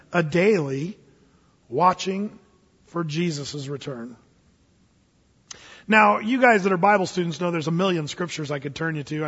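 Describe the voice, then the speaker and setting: A man preaching a lively, jokey sermon as pastor, acting out little scenes for his church. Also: high voice. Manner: animated, jokey, acts out voices. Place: church hall. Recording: echoey hall, dull lo-fi sound.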